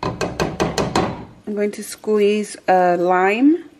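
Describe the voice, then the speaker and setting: Slow, easygoing woman narrating her cooking. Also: mid-range voice. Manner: relaxed, talks through each step as she works. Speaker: cooking vlogger. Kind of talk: casual step-by-step cooking narration. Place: home kitchen. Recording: kitchen noise with clicks and clatter.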